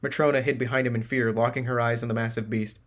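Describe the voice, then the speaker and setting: Man, audiobook narrator, measured, even, mid-pitched, scripted fantasy reading.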